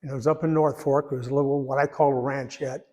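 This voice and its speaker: A man in his eighties giving a personal testimony in church, rambling and folksy, pausing when emotional. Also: medium pitch, flat delivery, muffled recording, background noise. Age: 80s. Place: church sanctuary. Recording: echoey church hall.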